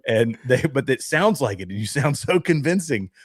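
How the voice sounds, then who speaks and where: A man's voice: mid-range voice, very animated, moderate pace, husky, dry recording, studio quality. Rambling man in casual podcast chat. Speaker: podcast co-host.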